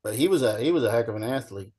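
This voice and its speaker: A man's voice: medium pitch, racing, husky. A middle-aged man telling folksy stories in casual chat as a show guest, acting out the people in them. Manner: folksy, animated storyteller, acts out shouting coach.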